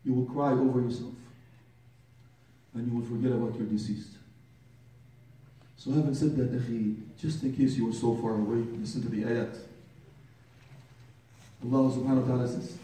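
A man's voice: mid-range voice, fairly even intonation, fairly quick, long pauses, mellow. A man preaching a sermon with passion, speaking directly to his listeners as brothers and building to urgent pleas. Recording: roomy echo from far off.

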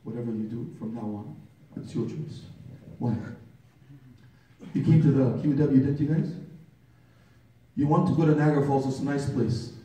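A man's voice: medium pitch, normal speed, pauses often, warm tone. A man preaching a sermon with fervent rhetorical questions, reciting Arabic scripture and translating it, calling listeners brother. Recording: very echoey room, far from the mic.

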